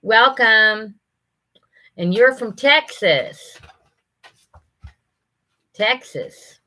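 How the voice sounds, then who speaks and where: A woman's voice: a little high, lively intonation, very slow, bright, forceful tone. An older woman hosting a casual live stream, chatting with viewers and greeting them by name, often laughing.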